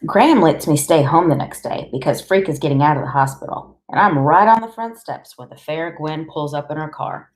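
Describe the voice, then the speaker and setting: A woman's voice: deep voice, brisk, few pauses. A woman reading a first-person audiobook in a plain, conversational voice. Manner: plain, conversational, as a teenage boy. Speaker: audiobook reader.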